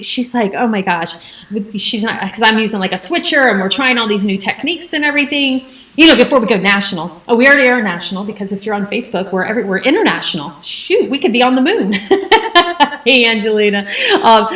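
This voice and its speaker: A woman's voice: fairly high pitch, animated, fast, a bit bright, reverberant. A middle-aged woman hosting a livestream, telling stories in a chatty, rambling way full of fillers. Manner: chatty, rambling storyteller with many fillers and laughs. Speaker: livestream host. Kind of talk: casual livestream chat. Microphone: phone.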